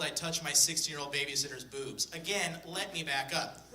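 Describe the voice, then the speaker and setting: A young man telling stand-up stories on stage in a deadpan, profane manner, with acted-out quotes. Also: on the high side, a little fast, distant mic, a little hiss or hum. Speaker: stand-up comedian. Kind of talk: stand-up storytelling. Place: comedy stage before a live audience. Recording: echoey room, voice from afar.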